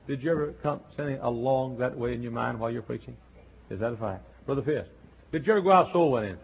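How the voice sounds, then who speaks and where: A man preaching a folksy revival sermon that swings between quiet, chatty asides and loud shouting. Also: mid-range voice, fast, vocal fry. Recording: tinny lo-fi sermon tape.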